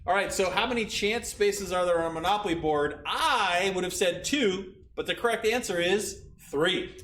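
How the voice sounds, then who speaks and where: A somewhat high-voiced man hosts a relaxed trivia night, reading each question and answer aloud and joking with his co-host between them. The room is echoey, and faint noise sits underneath his voice. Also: normal speed. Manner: reads questions and answers, banters and teases. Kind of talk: casual livestream trivia hosting.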